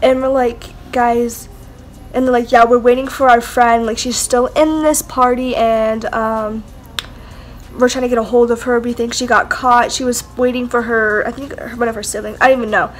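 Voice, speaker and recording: Young woman rambling thru a storytime, high voice, lots of like and whatever, faint hiss behind. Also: fairly even intonation, moderate pace. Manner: rambling, heavy use of "like" and "whatever". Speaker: vlogger. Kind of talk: casual storytime.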